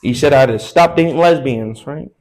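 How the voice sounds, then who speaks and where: A man's voice: mid-range voice, a little fast, darkish tone, rough recording. A young man performing a stand-up comedy set on a club stage, telling crude, loose stories with slangy asides.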